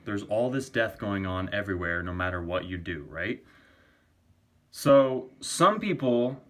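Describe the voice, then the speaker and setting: A man's voice: medium pitch, a bit bright. A man ranting in a casual vlog, arguing for a vegan diet, swearing often and repeating himself. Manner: profane, argumentative, repetitive. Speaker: vegan vlogger.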